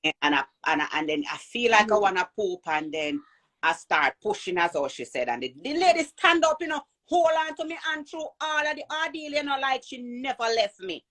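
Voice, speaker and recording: A woman with a Jamaican accent telling a personal birth story in an animated way, acting out the voices of people she quotes. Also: on the high side, a little fast. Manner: animated, acts out quoted voices, repeats and restarts.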